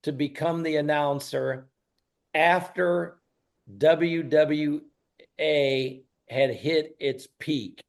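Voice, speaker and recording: Gravelly older man telling stories. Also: fairly high pitch, extremely slow. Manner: animated anecdotal storytelling with bursts of emphasis. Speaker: guest, wrestling announcer and promoter. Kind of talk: storytelling interview.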